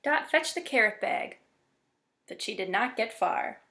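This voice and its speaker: Slow, expressive storytime reader, woman. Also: on the high side. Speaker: children's librarian. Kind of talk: children's picture-book read-aloud.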